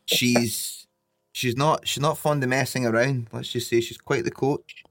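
A man's voice: medium pitch, fairly even intonation, a little slow, a bit bright. A man co-hosting a podcast, trading jokes and laughing often as he chats. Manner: jokey, laughs often, swears. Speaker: podcast co-host. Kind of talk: casual banter.

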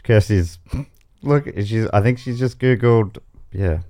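A man's voice: lowish voice, mellow, no echo, studio quality. An Australian man hosting a comedy game podcast, joking with his guests and laughing often. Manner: joking, quick to laugh, reads aloud. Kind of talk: casual comedic banter.

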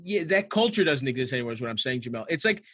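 A man's voice: medium pitch, sing-song, very fast, a bit bright, slightly rough, no echo. A man from Baltimore telling crude, rambling stories on a podcast and laughing often. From Baltimore, USA. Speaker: podcast guest. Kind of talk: casual podcast chat.

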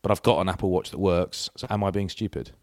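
A man's voice: sits low, steady tone, fast, a little mellow, no echo, clean studio sound. A middle-aged man in casual chat, telling anecdotes that ramble and restart. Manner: rambling anecdotes with self-interruptions. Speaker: podcast co-host.

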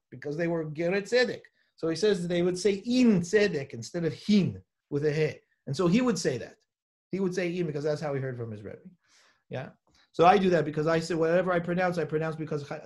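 A man teaching a live class as a rabbi, reading Hebrew texts aloud, explaining them and asking his students questions. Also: on the high side. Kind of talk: live Torah class lecture. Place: study hall with students present.

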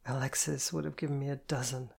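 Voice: medium pitch, level tone, creaky, husky. Czytający jako zrozpaczona młoda kobieta. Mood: distraught. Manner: halting, swears bluntly. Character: upset young woman, guilt-ridden and blunt. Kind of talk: audiobook character voice.

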